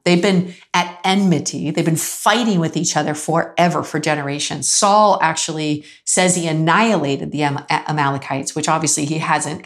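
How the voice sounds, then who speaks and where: Lively woman preaching a story-filled sermon. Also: fairly low pitch. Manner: animated storytelling, acts out quoted voices, laughs often.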